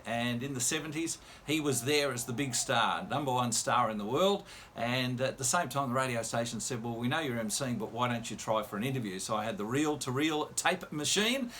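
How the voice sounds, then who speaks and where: A man's voice: mid-range voice, a bit bright, slight background noise. An older man from Australia, a radio presenter and MC telling a chatty anecdote in casual storytelling style, quoting the other people in dialogue.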